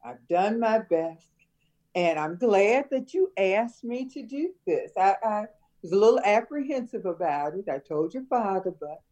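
An older woman speaks in a mellow, soft-toned voice whose pitch rises and falls freely. She reminisces warmly and talks in an easy, teacherly way, laughing now and then as she chats with her son. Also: expressive, measured pace, dull audio. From Chicago area. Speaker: interviewee, mother of the host. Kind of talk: casual family interview.

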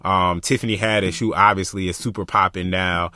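Young male podcast co-host, low-pitched, passionate, thinks out loud, close dry mic. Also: a little fast, no room sound. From Florida, US. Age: young adult. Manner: passionate, animated, talks through ideas with many fillers. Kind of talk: casual chat.

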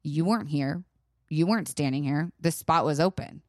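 A young woman co-hosting a podcast, telling a story in casual chat, animated and profane, acting out quotes loudly. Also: deep voice, moderate pace, dry recording, clean studio sound. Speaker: podcast co-host.

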